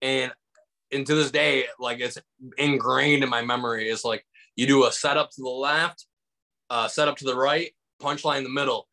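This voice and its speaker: Rambling Michigan comedian, gravelly and bright. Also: male voice, medium pitch, fairly even intonation, normal speed, rough recording. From Michigan, USA. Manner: rambling, many fillers, acts out quotes. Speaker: comedian guest. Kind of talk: casual storytelling interview. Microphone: video call.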